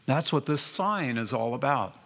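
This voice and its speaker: A man preaching a sermon as pastor, emphatic and deliberate, repeating phrases for weight. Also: medium pitch, animated, fairly bright tone. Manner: slow and deliberate, drawn-out phrases.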